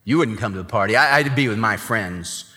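A man's voice: on the low side, expressive, a little fast, sharp tone, pitched below the performer's own voice. A bitter older son sneers and grumbles at his father, voiced by a male preacher. The voice swings up and down with sarcasm and rings in a long hall reverb. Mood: resentful. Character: resentful, bitter grown son, disrespectful.

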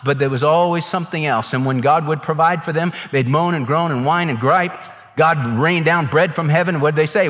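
Emphatic preacher in an echoing hall. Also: male voice, on the high side, normal speed, a bit bright. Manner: earnest, emphatic, acts out quotes in voices. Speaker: pastor. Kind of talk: sermon. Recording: long reverb of a large hall.

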